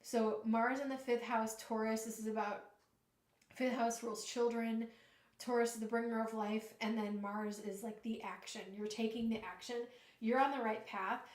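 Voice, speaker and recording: Female tarot reader, higher voice, earnest and halting, roomy echo. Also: flat delivery. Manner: earnest, emotional, halting with restarts. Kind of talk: live tarot reading.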